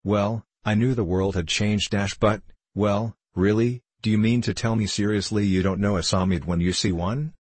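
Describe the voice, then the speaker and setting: A man voicing a grumpy, ancient male sand fairy with a dry husky voice, speaking crossly and scornfully in a storybook reading. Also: fairly low pitch, steady tone, moderate pace, few pauses, a little mellow, dry recording, natural voice.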